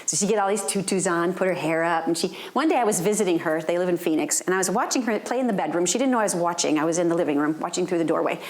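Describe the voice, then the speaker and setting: A woman giving a lecture at a student training, telling personal stories in an animated way and often checking in with the audience. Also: fairly low pitch, racing, hardly any pauses, roomy sound. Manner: animated, often asks "right?".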